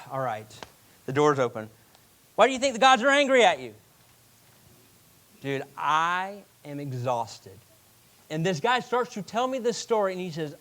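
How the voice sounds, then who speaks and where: In a church sanctuary, a male pastor with a voice a bit higher than most men's preaches a sermon. He's an animated storyteller, erupting into sudden loud bursts and then slowing way down on phrases he wants to stress.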